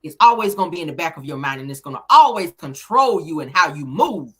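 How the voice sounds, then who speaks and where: Brief: woman in her thirties, bright and forceful, slightly low pitch, blunt, animated celebrity gossip host, swears freely. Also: fast talker, slightly rough. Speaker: celebrity news commentator. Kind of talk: casual commentary to viewers.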